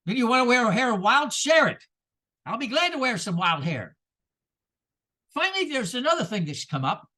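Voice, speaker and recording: A man preaching a sermon as minister, animated and rhetorical, with sarcastic asides. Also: extremely high pitch, normal speed, pauses often.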